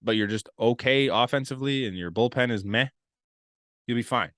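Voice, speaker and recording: A man's voice: medium pitch, brisk, a bit bright, dry recording, clean studio sound. A man co-hosting a casual sports podcast, blunt and opinionated, often laughing as he talks. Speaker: podcast co-host.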